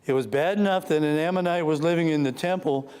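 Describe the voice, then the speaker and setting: Male pastor teaching a church class, slightly high voice, earnest, slows for scripture and sinks quiet and grave. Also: smooth. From United States. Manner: earnest, reads scripture slowly, drops to a low somber tone. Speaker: pastor teaching Sunday school. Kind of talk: Bible teaching sermon.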